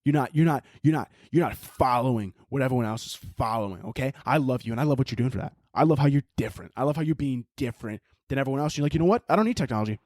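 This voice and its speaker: A man's voice: medium pitch, animated, very fast, hardly any pauses, a little mellow, no room sound, clean studio sound, natural voice. A man putting on the voice of a pushy, hype-talking entrepreneur who preaches in repeated phrases. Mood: preachy. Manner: preachy motivational patter, repeating himself.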